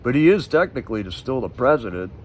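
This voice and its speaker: A man's voice: medium pitch, very animated, fast talker, a little mellow, breathy edge. A man hosting a live stream, chatting casually in a rambling, sarcastic way with many restarts.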